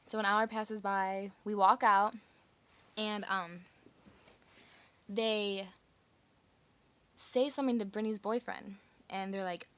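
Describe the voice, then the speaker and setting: A woman recounting a personal story in a loose, chatty way. Her sentences spill out with "like" and "um" scattered throughout, and her pitch sits at an ordinary middle height for a woman. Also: flat delivery, measured pace, long pauses, smooth. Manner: chatty, lots of "like" fillers.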